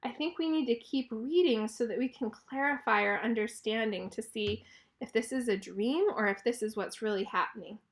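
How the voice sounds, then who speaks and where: A woman teacher reading a picture book aloud to children, explaining clearly and encouragingly and asking questions. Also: a little high, normal speed.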